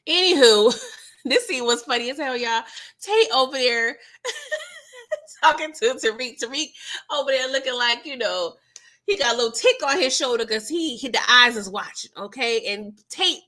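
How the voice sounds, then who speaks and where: A woman with a bright, forceful, fairly high voice chats through a TV recap in loose slang. She jumps into characters' lines as she retells each scene and talks straight to her viewers. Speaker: TV recap host. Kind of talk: casual livestream recap chat.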